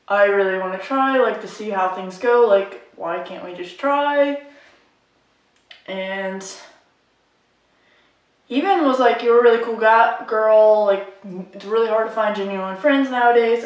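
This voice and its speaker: A young woman vlogger ranting casually to camera, frustrated and rambling, saying "like" often. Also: mid-range voice. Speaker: makeup vlogger. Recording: echoey room, mic at a distance.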